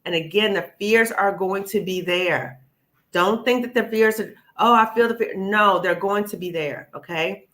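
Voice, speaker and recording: A woman's voice: medium pitch, a little slow, fairly bright tone. A woman hosting a live panel discussion, encouraging and emphatic, often saying "okay?" and "sis". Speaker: host.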